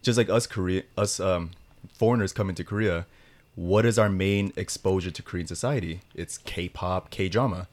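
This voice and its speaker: A man's voice: low voice, moderate pace. An American man hosting a casual group chat, talking frankly and swearing freely. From United States. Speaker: podcast host.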